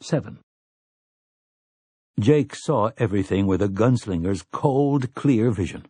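Low, husky male storyteller. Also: lively intonation, dark tone, no room sound. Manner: measured storytelling. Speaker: audiobook narrator. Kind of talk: scripted narration.

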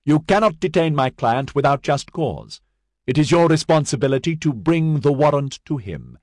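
A man voicing a courteous, pompous male lawyer who speaks in a lofty, legalistic way, higher than his own voice. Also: animated, moderate pace, dry recording, clean studio sound. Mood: suave.

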